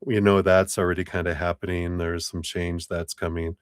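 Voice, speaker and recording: A man's voice: sits low, flat delivery, moderate pace, clean tone, no room sound, clean studio sound. A man giving a live-stream tarot reading in a chatty, laughing, rambling way. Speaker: tarot reader. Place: home room with air conditioner.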